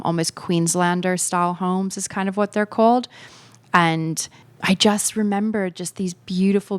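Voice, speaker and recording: A woman's voice: fairly low pitch, clean tone, no echo. A young woman hosting a podcast, telling a personal story in a chatty, reflective way with many fillers. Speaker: podcast host.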